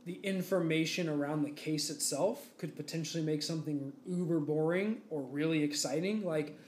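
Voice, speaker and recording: A young male podcast co-host with a slightly high, darkish voice tells a rambling story at a moderate pace, full of fillers. It's casual chat, recorded in an echoey room with faint background noise.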